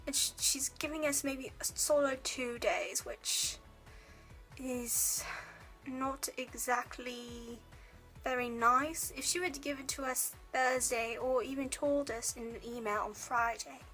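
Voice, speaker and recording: A woman's voice: sits high, slow, a bit bright, faint music behind, rough recording. A young woman from the United States, a college student chatting casually to camera in a put-on British accent, rambling with lots of ums. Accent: put-on British English. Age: young adult.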